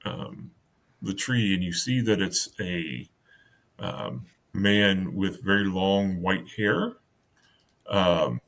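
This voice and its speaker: Slow, halting male game master. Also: low-pitched, a bit bright. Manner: halting, many fillers and restarts. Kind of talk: narrating a tabletop game.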